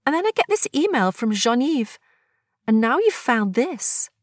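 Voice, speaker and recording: Brief: woman voicing a wistful grown woman, bright lilting delivery, unhurried, close dry sound. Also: a little high, sing-song, no room sound, pitched above the performer's own voice.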